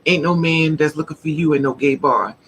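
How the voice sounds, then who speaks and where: A woman voicing her bold, teasing best friend, brash and quick to push her along. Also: low-pitched, slight background noise, close to an everyday voice.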